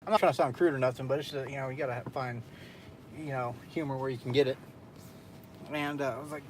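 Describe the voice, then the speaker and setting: A man's voice: mid-range voice, fairly even intonation, fast, long pauses, a little hiss or hum. A young man hosting a casual late-night stream, telling a story in a loose, profane way with frequent laughs. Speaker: streamer host.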